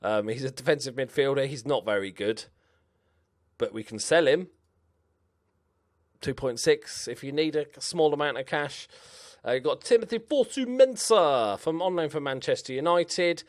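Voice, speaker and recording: A man's voice: fairly high pitch, lively intonation, moderate pace. Chatty man talking through a game. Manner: chatty and self-mocking, thinking aloud with ums. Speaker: gaming YouTuber. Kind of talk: casual game guide commentary.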